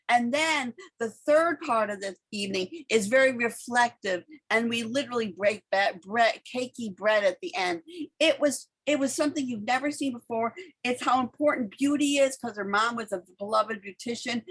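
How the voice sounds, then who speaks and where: A woman's voice: a little high, a bit bright, slightly rough. A woman hosting a theater show, reviewing a play and interviewing a guest in an enthusiastic, gushing way.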